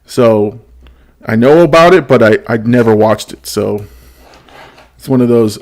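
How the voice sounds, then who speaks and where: A man's voice: mid-range voice, normal speed, gravelly, a little mellow. Brief: male host, casual and giggly, reading chat on a live stream. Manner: laughs often while reading chat comments aloud. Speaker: show host.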